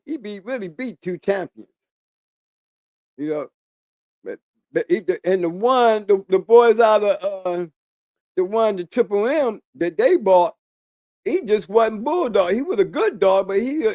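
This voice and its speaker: A man's voice: high-pitched, darkish tone, dry recording, studio quality. A man hosting a channel in a casual, rambling monologue, hammering points home by repeating key words. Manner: rambling with restarts. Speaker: channel host.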